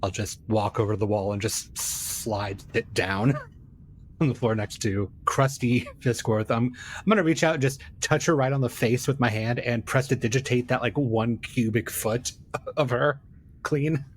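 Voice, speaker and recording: A man's voice: mid-range voice, steady tone, moderate pace, a little hiss or hum. A man player at a tabletop game, talking in a hesitant, easygoing way. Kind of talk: casual tabletop gaming chat.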